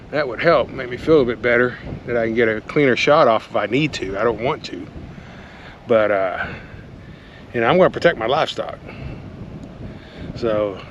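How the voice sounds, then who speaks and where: A man's voice: medium pitch, lo-fi sound, background noise. Annoyed rancher ranting from his truck. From Texas. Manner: blunt, annoyed, rambling with many fillers. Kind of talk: ranting vlog to camera. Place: inside a pickup truck in the countryside.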